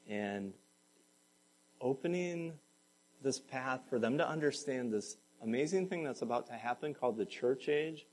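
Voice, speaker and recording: A male pastor preaching a sermon to his congregation, moving from calm explanation to raised, impassioned pleading. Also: medium pitch, poor audio.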